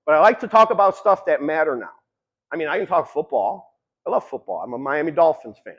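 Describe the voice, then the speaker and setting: A man's voice: a little high, lively intonation, a little fast, muffled recording. A man giving a long-winded, conversational motivational talk about addiction, swearing casually as he tells stories. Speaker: speaker.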